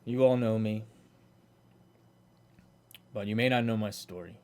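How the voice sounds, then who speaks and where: A man's voice: fairly low pitch, unhurried, darkish tone. A man voicing an earnest male warforged automaton guard who tells his story in a plain-spoken way.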